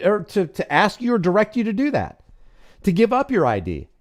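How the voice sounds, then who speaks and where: A man's voice: sits high, a little mellow. A man hosting a live commentary stream, talking in an impassioned, preachy way. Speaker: host.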